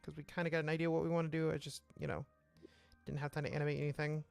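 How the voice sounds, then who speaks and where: High-voiced rambling young man. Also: level tone, racing, vocal fry, smooth, soft background music. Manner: rambling, full of fillers and restarts. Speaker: streamer, game jam artist. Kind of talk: casual chat with friends on a voice call.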